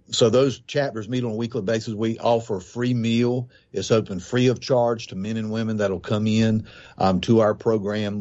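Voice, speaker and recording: The founder of a recovery ministry answers radio interview questions earnestly, explaining things with fillers and quotes from scripture. His voice is fairly low and a little mellow, with the highs cut off.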